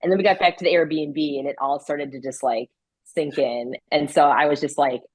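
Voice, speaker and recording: A woman's voice: sits low, steady tone, moderate pace, husky, dry recording, poor audio. A woman guest in a casual interview, talking with lots of fillers and frequent laughs. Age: adult with a grown daughter. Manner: chatty, filler-heavy, laughs often.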